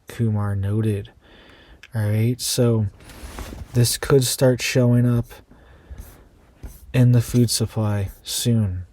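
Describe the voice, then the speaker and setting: A man's voice: fairly low pitch, a little mellow. A man hosting an online news commentary channel, reading out quoted reports and adding casual asides to his viewers.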